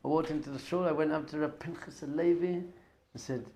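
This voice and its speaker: A middle-aged man, a rabbi, telling a story with excitement, his voice swinging from loud enthusiasm to hushed awe. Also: on the high side, quick pace, slight background noise. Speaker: rabbi and teacher.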